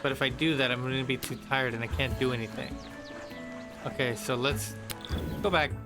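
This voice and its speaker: A man's voice: mid-range voice, fairly even intonation, moderate pace. Playful man streaming a game. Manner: playful, reads game text aloud. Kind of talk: casual gameplay commentary. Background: game music.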